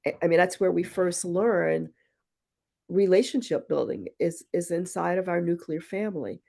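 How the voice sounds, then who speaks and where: Her voice is on the low side, creaky and dark, moving at a normal speed. She's a poet and retreat founder on a podcast, thoughtfully recounting personal stories and dramatizing the conversations in them.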